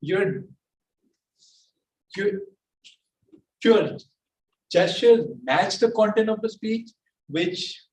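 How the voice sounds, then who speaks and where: Halting man giving speech feedback, echoey. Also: sits high, wildly swooping pitch. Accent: Pakistani English. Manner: halting, repeats words often. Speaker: speech evaluator. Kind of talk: giving spoken feedback at a club meeting. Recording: echoey room from far off, faint noise.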